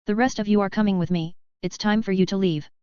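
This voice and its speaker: A woman's voice: mid-range voice, steady tone, fast talker, a little mellow, smooth, no echo, lightly acted. A woman reading the lines of a brash, wisecracking male cultivator in an audiobook, blunt and bossy in her delivery. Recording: dry, slightly dull lo-fi recording.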